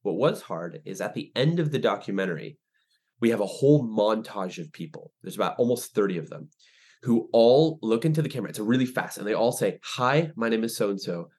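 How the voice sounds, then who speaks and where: A young man, a ministry director, telling stories as a podcast guest, animated and full of restarts. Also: lowish voice, brisk, breathy edge. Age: young adult. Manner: animated storyteller, many restarts and fillers. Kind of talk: casual interview chat.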